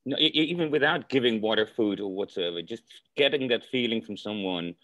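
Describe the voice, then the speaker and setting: A man with a Dutch accent on a video call, talking haltingly with many restarts and reading aloud slowly. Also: fairly low pitch, lively intonation, fairly bright tone, no echo, low-quality recording. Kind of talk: casual group video-call chat.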